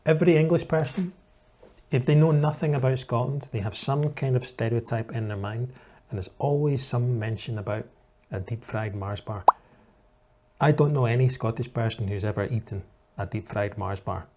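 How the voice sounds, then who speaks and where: A man's voice: medium pitch, normal speed, warm tone, slight background noise. Patient man explaining like a teacher. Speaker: English teacher. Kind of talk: reaction commentary for learners.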